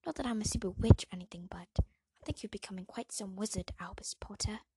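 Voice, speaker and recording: A woman voicing a friendly, confident teenage witch who speaks in a bright, upbeat, encouraging way. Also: medium pitch, brisk, slight background noise, close to an everyday voice.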